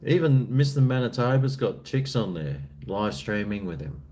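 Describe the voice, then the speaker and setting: Laid-back Australian man, lively pitch. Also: normal speed. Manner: laid-back, rambling, jokey. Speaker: live streamer reading chat. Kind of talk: casual live-stream chat.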